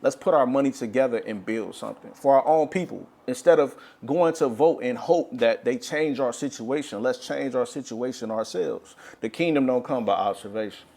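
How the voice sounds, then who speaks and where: A man's voice: medium pitch, normal speed, vocal fry, few pauses, a little mellow. Male religious speaker, urgent and frustrated, preaching off the cuff. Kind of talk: impassioned religious monologue.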